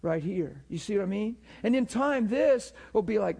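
A man delivers a sermon-style teaching to a live class in a fairly high voice. He talks conversationally, stopping often to check that his listeners follow. He repeats words as he builds toward a point. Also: lively intonation, moderate pace, vocal fry, hardly any pauses, dark tone.

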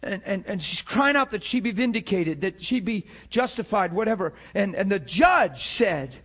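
A man preaching a sermon, moving from shouted cries down to hushed, low passages, often repeating words and restarting. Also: sing-song, normal speed. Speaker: pastor.

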